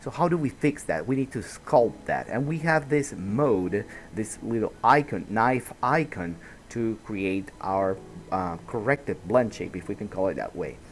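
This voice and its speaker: A man narrating a screen-recorded software tutorial, patient and explanatory, often checking in with the listener. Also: lowish voice, lively intonation, a little slow, a little hiss or hum.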